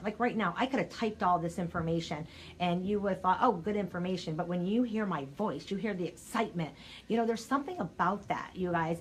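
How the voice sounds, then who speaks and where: An older woman talks to her viewers in a lively live-stream coaching session, her voice a little low for a woman. Her throat is scratchy and she clears it now and then. A faint noise sits under the recording. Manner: energetic, chatty, addresses viewers directly. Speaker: sales coach.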